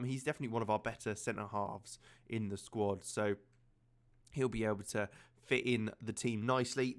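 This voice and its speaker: A man casually commentating his own football management game, chatty and prone to fillers, getting excited at key moments. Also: medium pitch. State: slightly out of breath. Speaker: gaming channel host.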